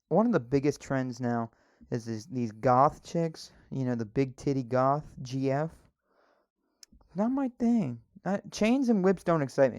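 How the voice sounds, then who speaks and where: A young man talks straight into a close mic on his own podcast, wandering from one crude aside to the next and laughing at himself. His voice is smooth and resonant, sitting at an ordinary male pitch. The sound is dry and close, with no room around it. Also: a little mellow, no echo. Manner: rambling, crude, self-mocking jokes with frequent fillers. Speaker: podcast co-host recording solo. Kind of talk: rambling solo podcast monologue.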